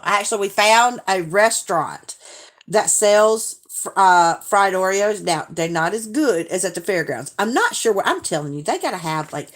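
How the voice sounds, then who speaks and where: A woman chatting casually on a live stream, reading viewer comments aloud and laughing often. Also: mid-range voice.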